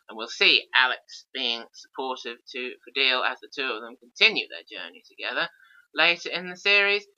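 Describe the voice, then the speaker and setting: A man's voice: fairly high pitch, bright, forceful tone. A man giving a casual audio commentary on an episode, enthusiastic with wry asides. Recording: dull lo-fi recording.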